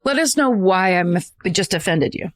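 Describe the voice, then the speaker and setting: A woman's voice: fairly low pitch, lively intonation, normal speed. A woman co-hosting a podcast in casual chat, reading a listener's letter aloud with joking asides and frequent laughs. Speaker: podcast co-host.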